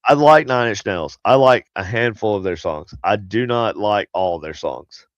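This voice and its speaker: Nasal low-voiced man hosting a stream. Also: measured pace, no echo, lo-fi sound. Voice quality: nasal, plugged sinuses. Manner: rambling, chatty, reads viewer comments aloud. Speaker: show host. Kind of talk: casual live-stream chat.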